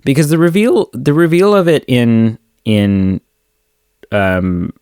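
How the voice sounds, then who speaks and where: A man's voice: medium pitch, slow, darkish tone, clean tone, no echo, studio quality. A man co-hosting a podcast, chatting casually and rambling about films, with lots of fillers and restarts. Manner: rambling, acts out film scenes in silly voices. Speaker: podcast co-host. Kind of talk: casual movie discussion.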